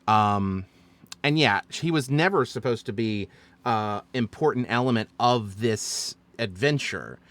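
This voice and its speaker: Man, dungeon master, casual recap, bright tone, dry close sound. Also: medium pitch, a little slow, dry recording. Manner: chatty, explaining with fillers and self-corrections.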